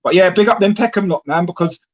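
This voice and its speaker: A man's voice: high voice, fast, lo-fi sound. A man, co-hosting a podcast in casual chat, blunt and repetitive, often asking "you know what I mean". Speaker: podcast co-host.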